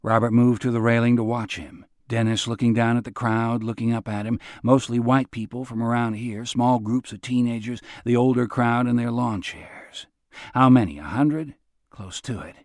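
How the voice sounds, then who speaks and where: A man's voice: medium pitch, steady tone, moderate pace, darkish tone, dry recording, studio quality. A man narrating an audiobook in a laid-back, understated way. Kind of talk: scripted narration.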